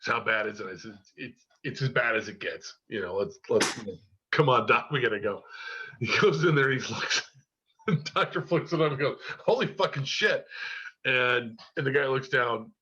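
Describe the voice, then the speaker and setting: A man's voice: mid-range voice, moderate pace, sharp tone, dull audio. A man on a podcast telling a long story casually, cursing often and filling gaps with "you know". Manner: rambling, heavy cursing, many fillers.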